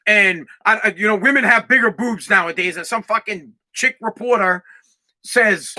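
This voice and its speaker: A man from Massachusetts, hosting a solo podcast and ranting loudly with lots of swearing and restarts. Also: sits high, normal speed. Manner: loud, swearing, repetitive restarts. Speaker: podcast host. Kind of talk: profane solo podcast rant.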